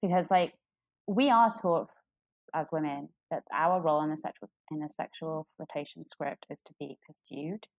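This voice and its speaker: A woman co-hosting a casual chat, candid and animated, with lots of fillers and restarts. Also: moderate pace, dry recording, poor audio. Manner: candid and animated, jumps into high voices for quotes. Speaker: podcast co-host.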